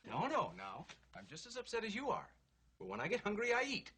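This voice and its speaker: An actor playing a wry, exasperated young husband and lawyer, with a husky voice and dry, teasing delivery in a 1960s film comedy. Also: male voice, high voice, huge pitch swings, fairly quick, crowd noise, full character voice. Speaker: husband in a marital argument.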